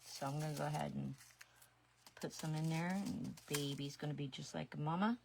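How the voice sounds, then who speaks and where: A woman's voice: deep voice, steady tone, normal speed, creaky, a little hiss or hum. A woman in her sixties chatting casually on a craft livestream, talking to herself as she works. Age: 60s. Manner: chatty, talks to herself while working. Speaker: resin artist streaming live.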